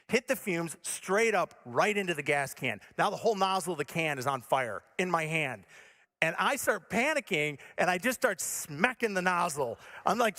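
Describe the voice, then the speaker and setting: A male pastor telling a story in a sermon, animated and self-mocking, acting out his own panic. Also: a little high. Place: church stage.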